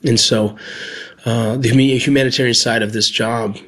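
A middle-aged man speaks with a husky, slightly rough voice at an ordinary pitch. He tells a personal story earnestly and from the heart, circling back and restarting phrases as he searches for words. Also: steady tone, moderate pace, fairly bright tone. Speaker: former Border Patrol agent and medic.

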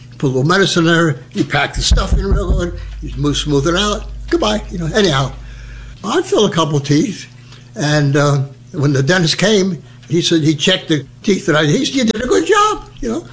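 An older man from New Jersey, telling his wartime memories as a lively storyteller who acts out the voices. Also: fairly high pitch, a little hiss or hum. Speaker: veteran recounting memories. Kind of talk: oral history storytelling.

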